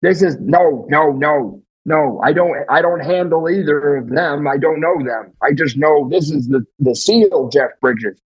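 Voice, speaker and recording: A man playing an odd, deadpan exotic animal handler who is a guest on a comedy podcast, talking in a fussy, apologetic way. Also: a little high, a little slow, hardly any pauses, breathy edge, highs cut off.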